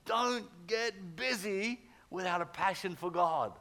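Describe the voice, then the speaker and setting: A middle-aged pastor preaching a sermon, telling stories with animated swings from loud urging to hushed tones. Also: male voice, high voice, slow, creaky.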